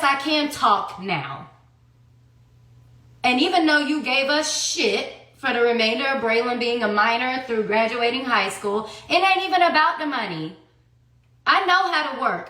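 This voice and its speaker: Speaking in a high, pushed and bright voice, a woman in her thirties recounts her own story through a heated, profane monologue full of rhetorical questions. A roomy echo colors the recording.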